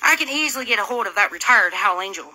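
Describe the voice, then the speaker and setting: A woman's voice: medium pitch, expressive, quick pace, sharp tone, slight background noise. A woman from Illinois delivering an angry, profane, confrontational rant straight to her audience, full of taunting rhetorical questions. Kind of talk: angry direct-to-camera rant.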